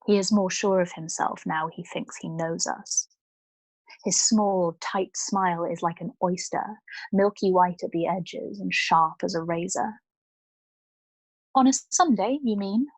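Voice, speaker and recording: A woman reading a novel aloud as a nightly bedtime story, steady and often hushed. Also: on the low side, a little slow, dry recording.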